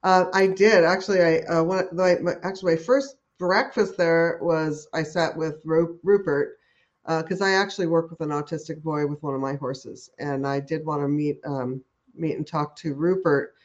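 A woman's voice: low voice, fairly even intonation, moderate pace. Enthusiastic, rambling woman on lo-fi audio. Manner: enthusiastic, rambling with many restarts and fillers. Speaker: guest who works with horses. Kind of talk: conversational interview. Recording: dull lo-fi audio.

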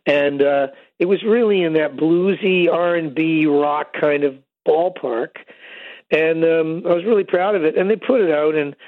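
An older man phones in to tell long, wandering stories, full of "you know" and "um." His voice sits a little high for a man and comes through a thin phone line. The sound is close and dry. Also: normal speed, no echo. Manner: long rambling storytelling with many fillers. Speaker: guest musician. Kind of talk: casual interview over the phone.

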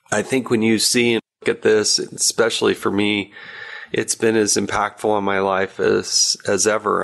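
A man hosting a podcast, speaking in a halting, heartfelt way with many restarts while choked up. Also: fairly low pitch, creaky, fairly bright tone. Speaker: podcast host. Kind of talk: emotional interview wrap-up.

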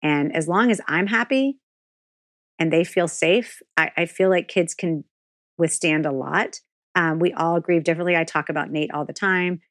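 A woman's voice: on the low side, moderate pace, no room sound, studio quality. Frank, swearing woman guest. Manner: frank and animated, swears freely. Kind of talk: candid podcast interview.

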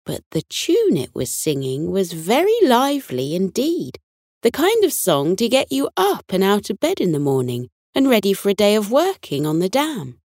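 A woman reading a scripted bedtime story for children in a soothing, expressive way. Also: medium pitch, moderate pace, no echo, clean studio sound.

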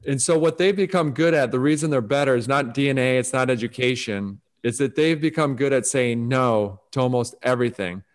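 A man talking through practical advice on focus and saying no. He is animated and slips into quick impressions of the people he quotes. His voice sits at an ordinary middle pitch. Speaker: guest speaker on focus and success. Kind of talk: conversational advice talk.

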